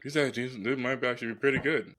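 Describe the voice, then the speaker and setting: A man's voice: medium pitch, fairly even intonation, rapid-fire, fairly bright tone. A man co-hosting a casual podcast, mostly agreeing with his partner in short replies. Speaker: podcast co-host. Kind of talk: casual chat.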